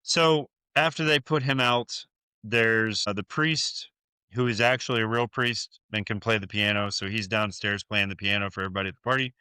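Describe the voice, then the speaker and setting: A US podcast co-host, this man tells a horror movie's story casually, cursing freely and using many fillers. He sits on the low side, talks at normal speed, and sounds bright, forceful, clear and resonant, with no room sound.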